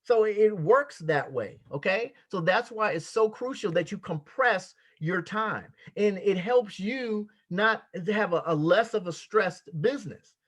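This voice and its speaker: A man's voice: high voice, lively intonation, a little slow, hardly any pauses, fairly bright tone. A man giving a motivational sales training talk, emphatic and repetitive, with a preacher-like cadence. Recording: dull lo-fi sound.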